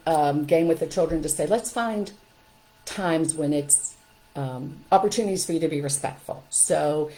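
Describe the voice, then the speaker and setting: A woman's voice: sits low, rough recording. A woman in her sixties, a longtime early-childhood educator, giving parenting advice in a live-streamed talk and acting out the people in her stories. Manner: animated storytelling, acting out quotes with a raised, lively voice.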